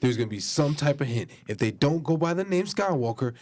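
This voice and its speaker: A man's voice: on the high side, expressive, brisk, a little mellow. A man co-hosting a casual chat show, sarcastic and mocking as he keeps betting on his own point. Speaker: podcast co-host.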